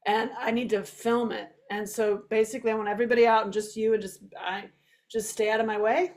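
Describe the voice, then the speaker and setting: A woman with a fairly high voice gives live commentary over her own documentary. She is chatty and animated, and her thoughts tumble out quickly. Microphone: home video stream microphone.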